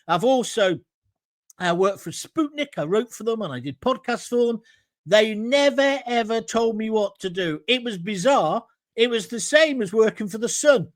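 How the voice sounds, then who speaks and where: A middle-aged man with a British accent hosts a live opinion show, blunt and combative as he works through viewer comments. His voice sits high for a man. The sound is dry, with no room echo. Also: lively intonation, a little slow. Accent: British English. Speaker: host.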